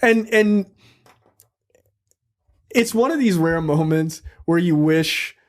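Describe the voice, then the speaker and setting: A man's voice: fairly high pitch, lively intonation, takes it slowly. A man hosting a casual movie review podcast, recapping the plot in a loose, profane, joking way. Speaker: podcast host reviewing a film. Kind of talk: casual chat.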